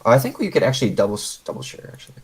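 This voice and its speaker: A man's voice: mid-range voice, sing-song, rapid-fire, husky, low-quality recording. A man coaching a player over a voice call, patiently explaining step by step with lots of fillers. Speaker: game coach.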